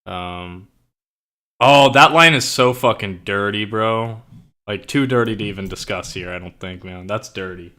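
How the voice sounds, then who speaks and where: Young man, casual streamer chat, lowish voice, bright tone, swears a lot, says bro. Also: unhurried. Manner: loose and profane, lots of "like" and "bro"; explains slang with enthusiasm. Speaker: streamer and writer. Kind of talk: casual chat while writing.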